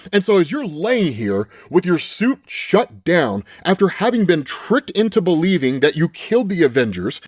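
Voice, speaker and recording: A man excitedly recapping a comic book story, quoting the characters as he goes and tagging his points with "right?". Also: high voice, dry recording, studio quality. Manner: animated, says "right?" a lot, quotes characters in passing. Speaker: comics explainer.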